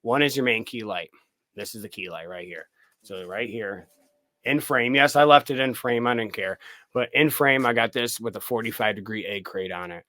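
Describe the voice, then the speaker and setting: A man's voice: on the low side, moderate pace, pushed and bright, dry recording. A man, a film director guest, chatting casually on a podcast, swearing freely and acting out his own reactions.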